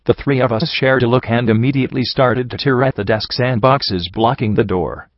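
A man giving steady, measured first-person audiobook narration. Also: mid-range voice, no echo, muffled recording.

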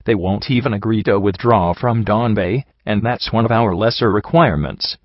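A man's voice: fairly low pitch, normal speed, no room sound, highs cut off. A man voicing a stern, weary female pony ruler who speaks curtly and irritably. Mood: cold. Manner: curt and irritable.

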